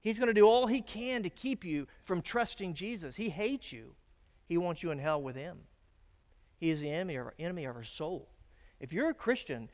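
Preaching man in a reverberant hall. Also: a little high. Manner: emphatic preaching, swings from loud declarations to hushed warnings. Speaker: pastor. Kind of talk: sermon. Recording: long reverb of a church hall.

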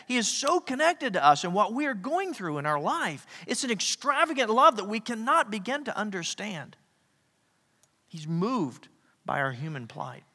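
A male pastor preaching a sermon, animated, swinging from loud emphasis to near-whispers. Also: on the high side. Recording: echoey hall reverb.

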